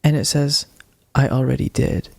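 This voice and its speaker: A young man on a podcast, retelling a ghost-hunting video with animated quoted voices in casual storytelling. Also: medium pitch, moderate pace, gravelly, dry recording, studio quality. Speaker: podcast co-host.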